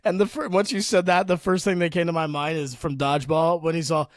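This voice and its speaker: Jokey young man, higher voice. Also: steady tone, no room sound, studio quality. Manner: jokey, quick to laugh, loose rambling. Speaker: podcast co-host. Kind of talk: casual chat.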